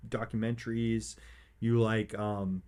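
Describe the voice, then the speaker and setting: A man hosting a motivational podcast, rambling through personal stories and growing excited and emphatic. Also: lowish voice, slow pace, clear, resonant tone. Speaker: podcast host.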